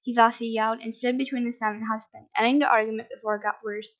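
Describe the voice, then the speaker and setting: A woman reading fan fiction aloud in a plain, steady way with small slips. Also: on the high side, quick pace, few pauses. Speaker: reader. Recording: dull lo-fi recording.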